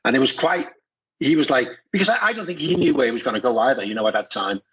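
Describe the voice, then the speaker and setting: A middle-aged man chats casually on a podcast as a football pundit, wandering through his stories with restarts and tag questions. His voice sits at an ordinary pitch, and the recording is dull and muffled. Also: very animated, fast talker, fairly bright tone, a little hiss or hum. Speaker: football pundit and former player. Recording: muffled lo-fi audio.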